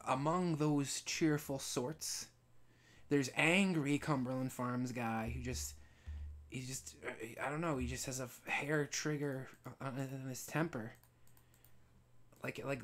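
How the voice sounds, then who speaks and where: A man live streaming while he animates, telling a casual story with many restarts and frequent throat clearing. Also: medium pitch, steady tone, unhurried. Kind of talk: rambling casual anecdote.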